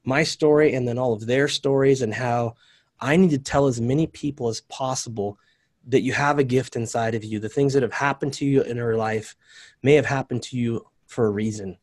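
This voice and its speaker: A man speaks as a guest on a video-call interview, his voice at an ordinary middle pitch. He tells his story in an earnest, open way. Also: fairly even intonation, moderate pace, darkish tone. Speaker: guest, company cofounder. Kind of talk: casual interview chat.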